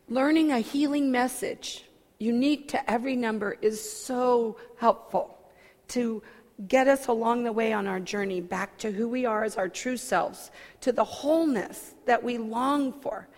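A woman minister speaks to her congregation in a fairly high voice, expressive and self-mocking. She drops to soft asides, then breaks into loud outbursts. Her words ring out with a long hall reverb, as in a church. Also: unhurried. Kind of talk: personal sermon talk.

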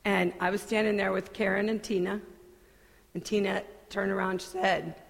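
A woman pastor delivering a sermon in a church sanctuary, earnest and deliberate, with conversational asides. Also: medium pitch, little pitch movement, creaky. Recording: long hall reverb.

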